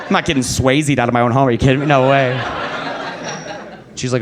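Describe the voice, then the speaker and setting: A man's voice: fast, crowd noise. A young man performing a stand-up comedy set at a comedy club, telling a story and acting out quoted voices. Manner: animated storytelling, acting out quotes with pitch jumps. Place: comedy club stage before a live audience.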